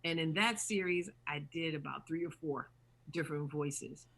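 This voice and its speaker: A woman voice actor chatting as an interview guest, animated, who slips into character voices as she talks. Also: sits low, moderate pace, creaky. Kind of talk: interview chat.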